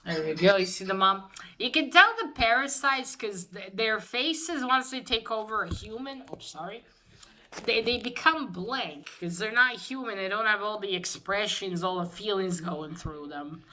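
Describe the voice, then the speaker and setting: A woman with a bright, ringing voice talks through the plot of a manga volume. She rambles and stumbles, restarting sentences and filling pauses as she goes, and she swears now and then in an offhand way. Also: mid-range voice, expressive, a little hiss or hum. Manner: rambling, halting, many fillers and restarts; swears casually. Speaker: manga reviewer. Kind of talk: casual plot recap and book showing.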